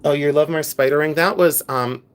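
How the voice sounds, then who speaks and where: Pennsylvania dutch guy on a livestream, kinda high voice, rambling and reading comments out loud. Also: fairly quick, clean tone. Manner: chatty, reads viewer comments aloud, rambling asides. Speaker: livestream host. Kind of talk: casual livestream chat.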